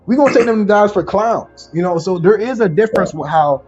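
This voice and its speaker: A man hosting a casual podcast, telling stories in an animated, slang-heavy way. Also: high voice, brisk, highs cut off, faint music behind. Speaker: podcast host.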